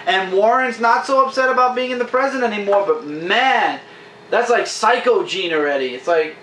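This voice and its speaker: A man chatting casually as a comic book reviewer, enthusiastic and acting out characters' lines in quick quotes. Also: high-pitched, pushed and bright, distant mic. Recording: echoey room, faint hiss.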